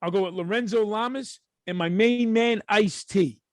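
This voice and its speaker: Profane Brooklyn storyteller. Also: male voice, high voice, normal speed, dry recording, clean studio sound. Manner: animated, profane, acts out quotes. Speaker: podcast co-host. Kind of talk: casual storytelling.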